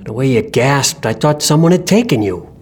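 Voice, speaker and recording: A woman's voice: very deep voice, expressive, normal speed, darkish tone, husky, pitched below the performer's own voice, exaggerated voice. A woman voicing a protective man in a camp, brusque and teasing by turns, in an audiobook. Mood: stern.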